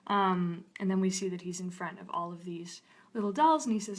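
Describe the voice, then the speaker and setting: A young adult woman, a storyboard artist, walks through an episode pitch on a live stream in an upbeat, bubbly way and laughs easily. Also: brisk. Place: studio during a live stream.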